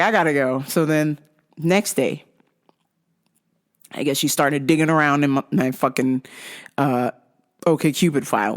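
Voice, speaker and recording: A woman hosting a podcast, casually telling profane stories, acting out other people's lines and laughing at her own jokes. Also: low-pitched. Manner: acts out quoted voices. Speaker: podcast host. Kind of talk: casual storytelling.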